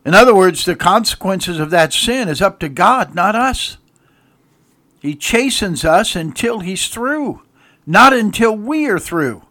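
Male pastor, sermon, fairly high voice, loud-to-soft swings, reads scripture aloud, dry close recording. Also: animated, a little slow, no echo. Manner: preaches with sweeping swings between loud emphatic peaks and soft low passages; reads scripture aloud in King James wording.

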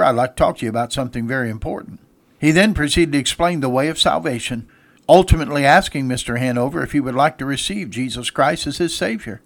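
A man's voice: fairly high pitch, fairly bright tone. A man preaching a sermon, telling a story and then repeating a rising refrain to his listeners.

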